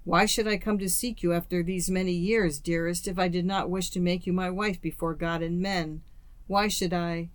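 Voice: mid-range voice, fairly even intonation, normal speed, clean tone, dry recording, close to an everyday voice. A storyteller reading the lines of a remorseful man in a storybook, earnest and slightly quavering.

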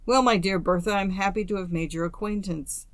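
A woman's voice: mid-range voice, brisk, no echo, lightly acted. A woman voicing a cool, courteous young man. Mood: cool, polite. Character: polite, teasing young man, composed.

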